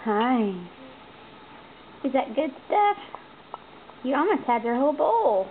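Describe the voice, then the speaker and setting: A woman's voice: high-pitched, very animated, takes it slowly. A mother feeding her baby at home, coaxing him in giggly baby talk. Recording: tinny lo-fi home camcorder audio with hiss.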